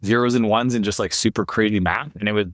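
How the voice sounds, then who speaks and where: A middle-aged man with a very low, deep voice tells his story in an interview, earnest and confessional. The recording is dry and close, with no room sound. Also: steady tone, quick pace, fairly bright tone, no room sound. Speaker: podcast guest, entrepreneur.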